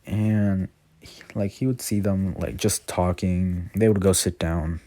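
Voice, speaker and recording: Deep-voiced man rambling a fan story. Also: steady tone, unhurried, mellow, no room sound. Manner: rambling, constant "like" fillers, self-corrections. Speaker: channel host. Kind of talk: casual fan-story retelling.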